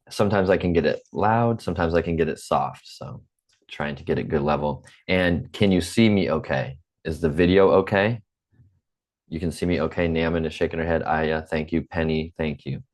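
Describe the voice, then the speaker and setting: Very deep-voiced patient American teacher. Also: male voice. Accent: General American. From United States. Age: 40s. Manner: slow, patient, repeats himself. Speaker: English teacher. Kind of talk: online class teaching. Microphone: computer mic on a video call.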